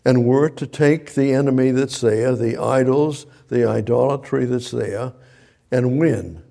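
A man's voice: medium pitch, a little slow, gravelly, dark tone. A man preaching a sermon, reading Bible verses aloud and then retelling them in plain, casual speech, often repeating and restarting his phrases. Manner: reads scripture then paraphrases God in a casual voice.

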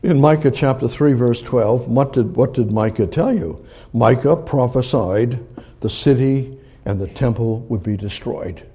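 An older man preaching a sermon as pastor, with a gravelly voice, acting out crowd quotes. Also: mid-range voice, measured pace, warm tone.

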